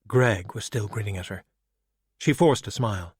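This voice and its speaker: A man narrating an audiobook with steady, even storytelling. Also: lowish voice, moderate pace, husky, no room sound, studio quality.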